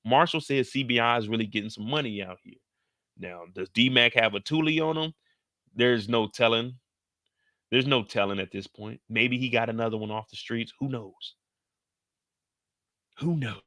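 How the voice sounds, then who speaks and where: Energetic guy breaking down a tv episode, slangy, super bright voice, dry close sound. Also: medium pitch, moderate pace, long pauses, no echo. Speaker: show recap host. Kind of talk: casual recap commentary.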